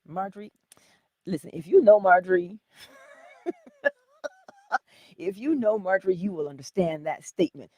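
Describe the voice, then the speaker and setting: A woman's voice: on the low side, lively intonation, unhurried, long pauses, a little mellow, no echo. A woman giving an inspirational morning teaching in a preacherly, conversational way, full of rhetorical questions. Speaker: spiritual teacher.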